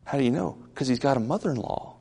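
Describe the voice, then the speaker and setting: A man preaching a conversational sermon in a folksy way, building up to loud, emphatic peaks. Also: mid-range voice, fast talker, creaky, husky, long reverb tail.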